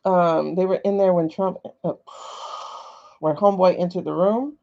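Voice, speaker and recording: A woman's voice: lowish voice, steady tone, a little slow, gravelly, dark tone. A woman hosting a casual livestream from her phone, chatty and skeptical, thinking aloud with many fillers. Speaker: livestream host. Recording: dull lo-fi livestream audio.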